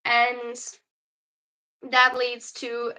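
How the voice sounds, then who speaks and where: Speaking extremely slowly in a monotone, a young German woman with a fairly high, bright, forceful voice reads viewer questions aloud and answers them on her livestream. She sounds tired, and her non-native English carries a German accent.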